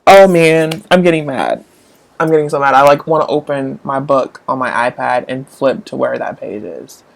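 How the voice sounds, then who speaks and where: A woman with a low voice talks casually to her viewers as a book vlogger. She rambles and gushes, and her voice jumps up into high squeals when something excites her. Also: moderate pace, gravelly. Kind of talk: casual live-chat book talk.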